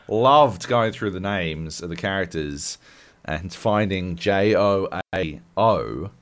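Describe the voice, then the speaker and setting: A man's voice: low voice, slow, fairly bright tone. A man co-hosting a podcast, ranting profanely in casual chat. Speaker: podcast co-host.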